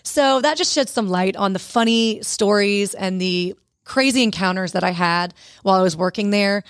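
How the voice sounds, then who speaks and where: A woman, an author and guest on a radio show, telling lively stories and acting out the dialogue. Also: mid-range voice, normal speed, clean tone, dry recording, clean studio sound. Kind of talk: conversational interview storytelling. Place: radio studio.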